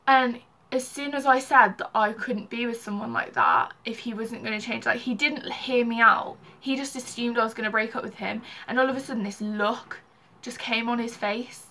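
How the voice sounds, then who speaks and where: Chatty young woman, bright voice. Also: on the high side, normal speed. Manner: chatty, heavy use of "like". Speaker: vlogger. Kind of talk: casual personal storytelling.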